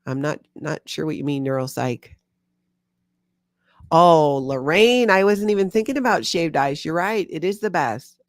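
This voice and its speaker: A woman from Hawaii reads her live chat and talks casually with viewers on a livestream, laughing often. Her low voice has a lively, unhurried intonation and a Hawaiian accent with a slight Minnesotan tinge. The recording is dry with clean studio sound.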